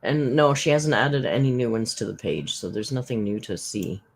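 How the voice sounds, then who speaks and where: A woman's voice: rumbling low, lively intonation, normal speed. A woman hosting a reaction commentary, sarcastic and blunt, swearing freely. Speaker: commentary channel host.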